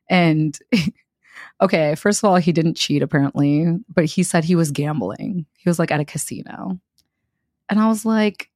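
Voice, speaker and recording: A woman's voice: sits low, moderate pace, darkish tone, dry recording, studio quality. A young woman co-hosting a podcast, telling a story casually and acting out the quotes with laughter. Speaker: podcast co-host. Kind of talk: casual chat.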